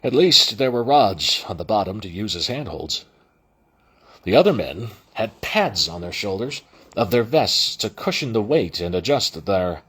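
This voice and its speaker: A man narrating an audiobook in a low, husky voice. His delivery is lively and animated, with frequent restarts and self-corrections. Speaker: audiobook reader.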